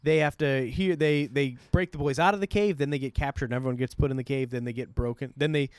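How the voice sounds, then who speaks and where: A man's voice: mid-range voice, quick pace, smooth, dry recording, studio quality. A man co-hosting a casual comedy podcast, joking around and acting out silly quotes. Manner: jokey, acts out silly quotes, laughs often. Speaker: podcast co-host.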